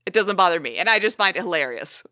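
A woman's voice: on the low side, animated, fast, sharp tone, dry recording, clean studio sound. A young woman from the American South, co-hosting a podcast in a casual, chatty way and laughing often. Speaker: podcast co-host.

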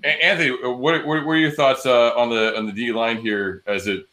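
Male podcast host, bright tense tone, rambling delivery, casual sports chat. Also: mid-range voice, steady tone, moderate pace. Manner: loose and rambling, many restarts.

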